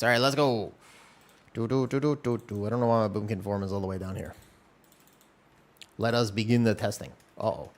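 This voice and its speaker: Laid-back male game streamer chatting. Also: medium pitch. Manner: relaxed, rambling, self-deprecating. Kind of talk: casual live-stream chat while gaming. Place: home room.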